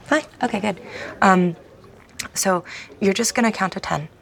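A woman's voice: medium pitch, measured pace, vocal fry, fairly bright tone, pitched above the performer's own voice. A woman playing a confident female vocal coach in a comedy film scene, breezy and persuasive. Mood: coaxing.

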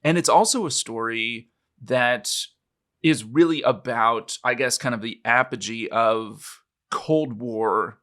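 Bright-voiced man co-hosting a podcast. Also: mid-range voice, slow pace. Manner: conversational, with frequent "right?" asides. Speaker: podcast co-host. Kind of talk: casual podcast chat.

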